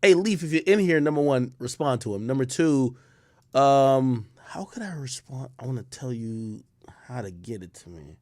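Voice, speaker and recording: A man with an animated, mid-range voice and normal pace streams live, with no echo on the audio. He chats loosely with viewers, swears freely, reacts to chat, and swings between loud and quiet.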